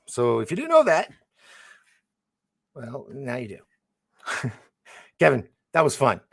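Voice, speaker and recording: A man's voice: mid-range voice, huge pitch swings, takes it slowly, creaky, husky. A man hosting a livestream in a loose, rambling, chatty way, often laughing as he reads the chat. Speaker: livestream host. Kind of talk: casual livestream chat, reading the chat.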